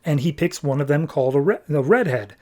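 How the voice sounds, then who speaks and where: A man hosting a comics podcast, recapping an issue in a casual, animated way and nitpicking its mistakes. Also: a little high. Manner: animated, exasperated nitpicking, quick paraphrased dialogue. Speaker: podcast host reviewing comics.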